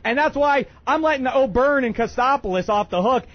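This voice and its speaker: A man hosting a comedic sports talk radio show, ranting in an excitable, bombastic way with many uhs. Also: very high voice, brisk, muffled recording. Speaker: radio host.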